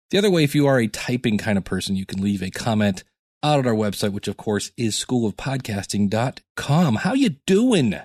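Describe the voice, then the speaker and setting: A man's voice: mid-range voice, darkish tone, no room sound. A man hosting his own podcast, talking casually and rambling with jokey asides, tired from lack of sleep. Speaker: podcast host. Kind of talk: casual solo podcast talk.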